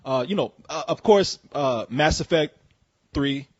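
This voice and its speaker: A man hosting a casual call-in show, ranting in a profane, animated way with jokey asides. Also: on the high side, unhurried, no echo. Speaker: host. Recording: dull, muffled audio.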